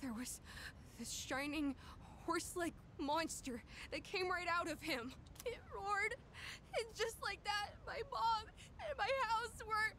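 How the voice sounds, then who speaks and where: A woman voicing a grieving, stubborn young boy in a video game, speaking softly and slowly. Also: very high voice, slight background noise, full character voice. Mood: distraught. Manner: soft, hushed, pleading then bitter.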